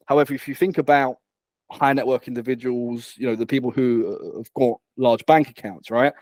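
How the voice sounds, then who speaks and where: A man talks as a guest in a business interview. He speaks energetically and often repeats a word before his point comes out. The sound is dry, with no room echo. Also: medium pitch. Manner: energetic, repeats words when starting phrases. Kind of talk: conversational interview.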